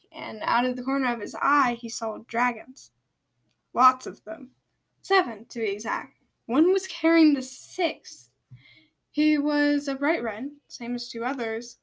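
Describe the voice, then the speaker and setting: High-voiced woman reading her own story. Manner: casual, hesitant asides.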